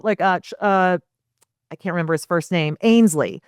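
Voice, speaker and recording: A woman's voice: fairly low pitch, normal speed, smooth, dry recording, studio quality. A woman talking energetically as a podcast guest, acting out example messages as she explains. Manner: energetic, animated, acts out quoted lines. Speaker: guest, property management founder. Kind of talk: casual interview chat.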